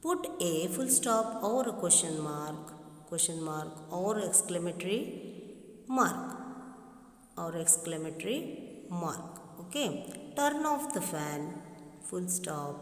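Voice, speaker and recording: A woman teacher with an Indian English accent, giving a revision lesson to young pupils and repeating each phrase slowly, as if dictating. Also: low voice, animated. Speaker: primary school English teacher. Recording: echoey room, long reverb.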